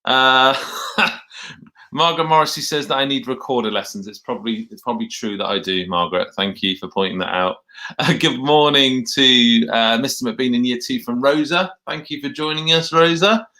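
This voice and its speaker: A man hosts a school morning livestream, chatting casually and greeting viewers. His voice is bright and forward, pausing with small "uh"s as he reads out names. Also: mid-range voice. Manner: friendly, with "uh" pauses while reading out names. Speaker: teacher hosting a school livestream. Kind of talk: casual chat.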